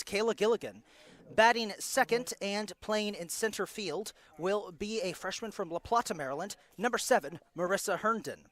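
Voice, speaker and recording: Reading out the lineups for a live college softball game, a play-by-play announcer with a high-sitting voice keeps a steady delivery and corrects his mistakes fast. There's no echo on the recording.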